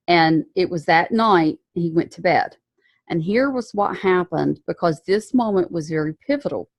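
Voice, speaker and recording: A woman with a lowish voice gives a casual Bible lesson, retelling the story chattily with slang and frequently correcting herself. The recording is studio quality with no echo.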